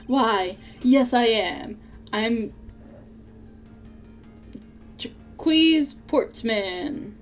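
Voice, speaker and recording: A woman voicing a theatrical male prosecutor villain in a video game, loudly faking grief and outrage. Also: a little high, slow, soft background music. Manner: melodramatic, overblown outrage.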